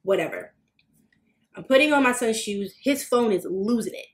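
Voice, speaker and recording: Casual podcast co-host, woman, lively storyteller who jumps high when quoting people. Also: normal speed. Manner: animated, swearing, acts out quotes with big jumps in pitch.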